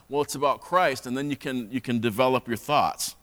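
A man's voice: fairly high pitch, animated, normal speed, hardly any pauses, a bit bright. A man preaching a conversational sermon in a church, often repeating words as he restarts. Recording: long hall reverb.

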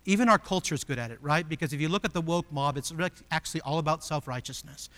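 A man preaching a sermon as pastor, emphatic and full of rhetorical questions, swinging between loud declarations and hushed, intimate passages. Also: a little high, quick pace, hardly any pauses.

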